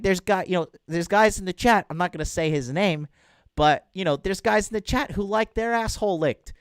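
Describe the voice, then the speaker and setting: A man's voice: on the high side, no room sound, studio quality. A man hosting a casual livestream as a dating coach, talking bluntly and crudely to viewers and reading out chat.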